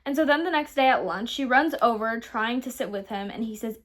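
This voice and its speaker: A young woman co-hosting a laid-back confessions chat, reading each one aloud and giggling as she goes. Her voice sits somewhat high. She swears freely and keeps things animated. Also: fairly quick. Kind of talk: casual chat.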